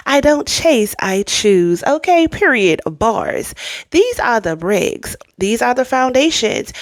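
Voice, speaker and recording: Woman hyping you up, sassy and repetitive, kinda high voice, super dry sound. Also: dry recording. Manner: emphatic, repetitive, calls listener girl and babe; sassy slang-filled pep talk. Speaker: self-help vlogger. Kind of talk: motivational monologue.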